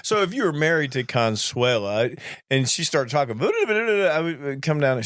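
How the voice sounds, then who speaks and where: A man's voice: on the high side, very animated, moderate pace, a bit bright, no echo, studio quality. A man co-hosting a podcast, teasing his partner in casual chat and slipping into playful put-on voices. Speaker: podcast co-host, flight attendant.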